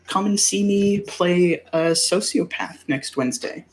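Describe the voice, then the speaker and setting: A man's voice: high-pitched, unhurried, poor audio. Dry-joking man gamer. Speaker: player and actor. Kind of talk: casual sign-off chat.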